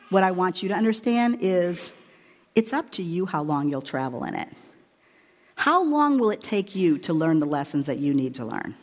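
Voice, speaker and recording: A woman's voice: medium pitch, in a large hall. A woman preacher giving a conversational, emphatic sermon retelling Bible stories.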